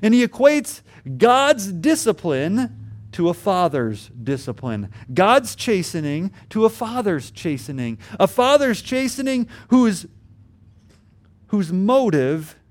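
A male pastor preaching with a lively, swinging delivery. He builds to emphatic high points and then sinks back low and quiet. His voice sits a little high for a man. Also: takes it slowly. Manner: earnest preaching, rising to emphatic peaks then dropping low. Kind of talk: sermon.

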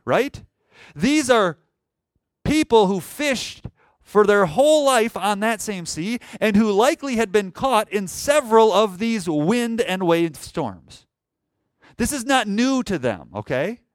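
A man's voice: sits high, no room sound. A man preaching a sermon, asking the congregation rhetorical questions and acting out panicked cries. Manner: animated preaching, rhetorical questions, acts out shouts. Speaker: pastor.

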